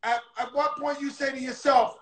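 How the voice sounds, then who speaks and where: A man hosting a casual livestream interview from his phone, loud and excitable and swearing freely. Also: extremely high pitch, moderate pace, echoey room. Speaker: host.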